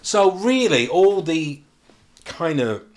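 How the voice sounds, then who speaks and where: Lively storytelling man. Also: on the high side, slow pace. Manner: storytelling, animated impressions. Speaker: guest. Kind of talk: casual chat.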